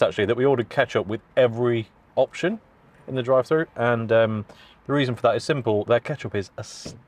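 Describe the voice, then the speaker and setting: A man vlogging in his parked van, chatting casually and jokily to camera about food, with the camera mic catching his voice. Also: mid-range voice. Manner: jokey, chatty, self-deprecating.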